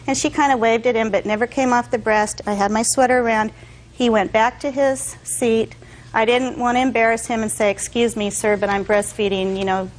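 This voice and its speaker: A woman's voice: on the high side, little pitch movement, normal speed, poor audio. A woman testifying as a defendant in court, telling her side in long detailed stories and acting out what others said.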